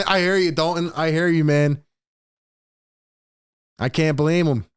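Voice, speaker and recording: A man's voice: on the high side, unhurried, long pauses, clear, resonant tone, no echo. A man hosting a live postgame fan show, ranting in frustration and reading out viewers' chat comments. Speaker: sports podcast host.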